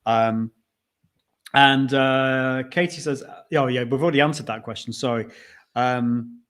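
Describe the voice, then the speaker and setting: A man's voice: medium pitch, steady tone, measured pace, a bit bright. A man hosting a live video show, chatting casually from a conference venue and reading out viewer comments as he goes. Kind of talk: casual live-stream chat.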